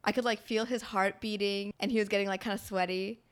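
A young woman sharing a dating story in a casual chat, animated, with gasps and laughs. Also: medium pitch, fast talker, clean tone.

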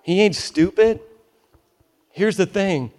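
Male pastor, emphatic sermon delivery, wry asides, a touch higher than typical. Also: slow, a little mellow. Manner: emphatic, conversational, joking asides. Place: church in New York.

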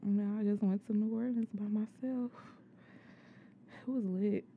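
Gravelly-voiced woman, laid-back podcast co-host. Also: mid-range voice, steady tone, measured pace, narrow, tinny audio, a little hiss or hum. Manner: laid-back, brief answers, chuckles. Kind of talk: casual chat.

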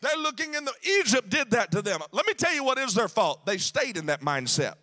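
A man preaching a sermon, shouting in a sing-song cadence with frequent "uh" fillers. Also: very high-pitched, very animated, fairly quick.

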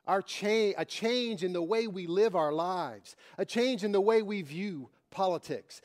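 A man's voice: high-pitched, a little mellow. A man preaching a sermon, repeating his phrases with emphasis and telling a story to make his point. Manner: emphatic, repetitive preaching cadence.

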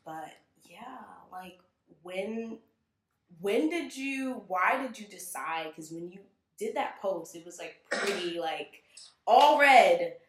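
A woman hosting a casual podcast conversation, talking in an animated way and acting out quoted exchanges. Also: lowish voice, slow pace, roomy sound. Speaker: podcast host.

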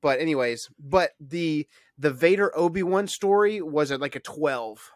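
A man hosting a casual podcast chat, rambling and animated with lots of fillers. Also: a little high, a little slow, dry recording, studio quality. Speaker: podcast host.

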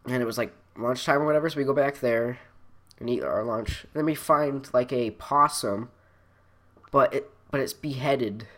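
A young man in casual conversation with an ordinary, mid-height pitch. He rambles through work stories with loose fillers and restarts, often breaking into laughter. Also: moderate pace, a bit bright. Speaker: storyteller. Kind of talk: casual chat.

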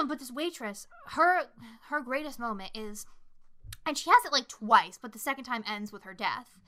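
Bright, animated young woman chatting. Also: a little high, normal speed. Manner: swears freely, animated storytelling with shouted impressions. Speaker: podcast co-host. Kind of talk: casual movie chat.

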